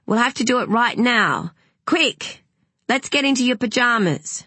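A woman voicing a frazzled young mother who speaks sternly and in a hurry, with a breathy voice. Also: fairly high pitch, animated, measured pace, pushed and bright, no echo, voice pushed up, exaggerated voice. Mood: hurried.

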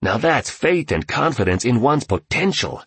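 A man voicing an exuberant, eccentric male billionaire mentor who gushes loudly. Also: mid-range voice, big pitch swings, moderate pace, slightly rough, no echo, voice pushed up. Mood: emphatic. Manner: loud, gushing.

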